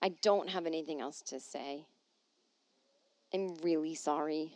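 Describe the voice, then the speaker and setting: A woman's voice: sits low, a little slow, pauses often, a little mellow, no echo. Rambling self-mocking woman podcast host. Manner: rambling, self-deprecating, jokey asides. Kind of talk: solo podcast chat reading listener emails. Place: at home.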